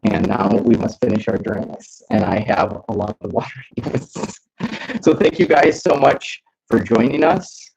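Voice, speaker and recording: A young man hosting a casual live stream, chatting and giving friendly advice in a relaxed way. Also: on the low side, a little slow, gravelly, slight background noise. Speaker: host. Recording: dull lo-fi stream audio.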